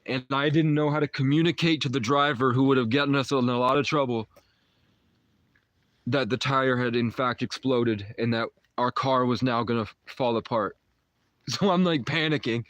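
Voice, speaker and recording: A man's voice: medium pitch, moderate pace, a bit bright, no echo. Young man, livestream host, rambling casual story, lots of "like", dry close sound. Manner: rambling, uses "like" often, trails off and restarts. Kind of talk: casual storytelling to a live chat.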